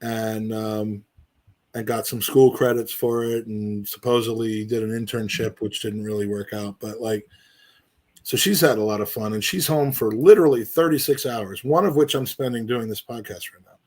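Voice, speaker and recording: A man's voice: fairly low pitch, fairly even intonation, moderate pace, a little mellow. A middle-aged man co-hosting a podcast, chatting in a rambling, earnest way and restarting his sentences often. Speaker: podcast co-host. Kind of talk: casual chat.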